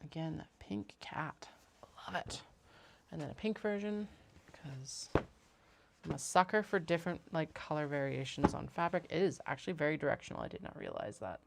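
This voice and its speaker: Give me a rambling, chatty woman with a low, gravelly voice. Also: lively intonation, normal speed, noisy background. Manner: chatty, rambling, laughs often. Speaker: craft business owner. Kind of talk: casual livestream chat.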